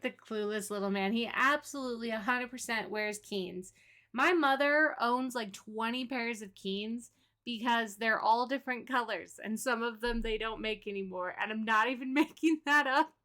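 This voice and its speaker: A woman's voice: on the high side, a bit bright. A woman giving casual, chatty commentary while playing a game, laughing often. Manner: chatty and giggly. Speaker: gaming creator.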